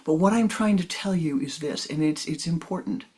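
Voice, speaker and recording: A woman spiritual teacher giving a talk, telling a personal story, often dropping into soft whispered asides and acting out what people said. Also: sits low, normal speed, slightly rough. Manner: acts out quoted dialogue expressively.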